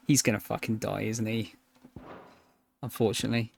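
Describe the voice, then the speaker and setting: A man's voice: on the low side, fairly even intonation, normal speed, vocal fry, long pauses, a little mellow, dry recording. A man giving chatty, jokey gameplay commentary as a streamer, swearing now and then.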